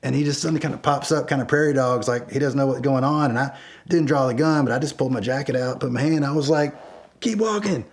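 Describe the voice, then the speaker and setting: A middle-aged man casually telling a true story, acting out the shouts in it. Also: mid-range voice, quick pace. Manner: animated, acts out his own yelled lines. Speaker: storyteller guest.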